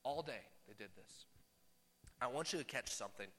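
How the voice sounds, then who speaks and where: A man preaching a sermon, animated, jumping between loud bursts and hushed asides. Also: medium pitch, normal speed. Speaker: pastor. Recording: long reverb of a large hall.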